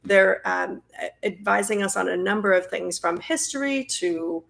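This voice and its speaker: Woman host, friendly chatty live-stream intro, gravelly fry. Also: mid-range voice, moderate pace, fairly bright tone. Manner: friendly, chatty, many fillers. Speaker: host and nonprofit president.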